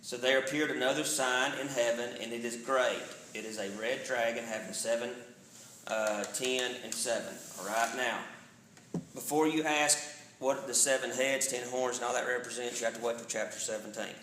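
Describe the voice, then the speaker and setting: Man in his forties, pastor, casual Bible study, mid-pitched, roomy echo. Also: fairly even intonation, normal speed, fairly bright tone, a little hiss or hum. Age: 40s. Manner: conversational, checks in with "all right?". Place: church sanctuary.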